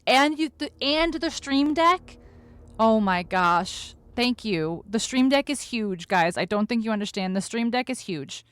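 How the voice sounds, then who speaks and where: A woman's voice: fairly high pitch, lively intonation, unhurried, clean tone. Flustered woman streamer gushing thanks. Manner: flustered, gushing thanks to viewers, stumbling over words. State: overwhelmed, close to tears. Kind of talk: casual live-stream chat.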